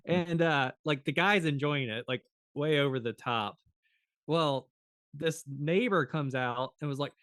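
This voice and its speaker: A man co-hosting a podcast who tells stories in a lively, animated way, laughs often and acts out the quoted lines. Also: on the high side, normal speed, dry recording, clean studio sound. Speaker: podcast co-host. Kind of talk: casual chat.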